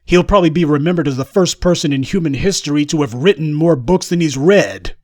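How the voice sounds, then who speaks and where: A man's voice: on the high side, fairly quick, a little mellow, no echo, studio quality. A man giving a sarcastic, combative commentary monologue as the host of his own channel. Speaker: political commentator.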